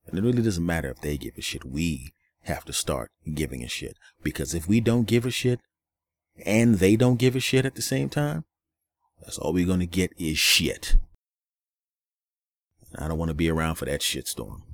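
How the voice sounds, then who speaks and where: A man's voice: deep voice, very animated, moderate pace, no echo. A man hosting a solo podcast, ranting in a weary, angry way, with a lot of profanity and repetition. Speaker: podcast host.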